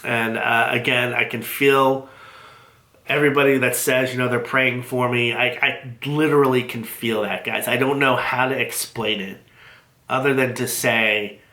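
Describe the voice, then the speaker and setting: Guy doing a casual video diary, slow and halting, lots of ums, bright voice. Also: mid-range voice, fairly even intonation, echoey room. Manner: halting, many fillers and restarts, heartfelt. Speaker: vlogger sharing his cancer treatment. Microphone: built-in device mic after lapel mic failed.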